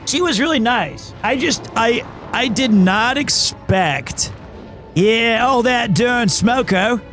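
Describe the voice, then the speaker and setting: A man's voice: extremely high pitch, expressive, takes it slowly, a bit bright, soft background music. A man streamer chatting casually on a livestream, rambling through an anecdote and acting out the quotes.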